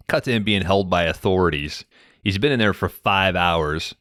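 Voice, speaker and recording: Deep-voiced man recapping a film. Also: measured pace, a bit bright, no echo, clean studio sound. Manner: retells scenes and reads film dialogue aloud. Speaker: podcast host. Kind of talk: casual movie recap chat.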